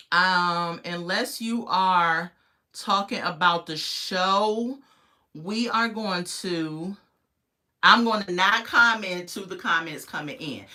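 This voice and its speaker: A woman's voice: lowish voice, sharp tone. A young adult woman from the United States hosting a live review stream, chatty, greeting viewers in the chat and laughing often. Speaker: host of a live reality-show review stream. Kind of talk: casual livestream commentary.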